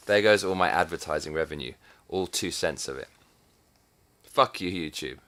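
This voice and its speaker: Very deep-voiced profane man from England. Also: normal speed. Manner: profane and sardonic, with swings in loudness. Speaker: vlogger. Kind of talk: casual comic monologue.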